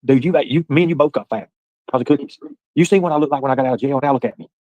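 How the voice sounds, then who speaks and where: A man hosting a casual livestream, rambling loudly and cursing as he chats with his viewers. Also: mid-range voice, very fast, no echo, dull audio. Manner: rambling, loud, profane banter with viewers. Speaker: livestream host.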